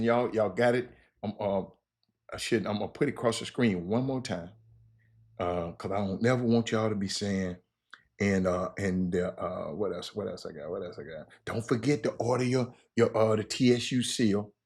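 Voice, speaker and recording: A man hosting a show in loose casual chat, laughing often and repeating words as he talks up clothing. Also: fairly low pitch. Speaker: show host.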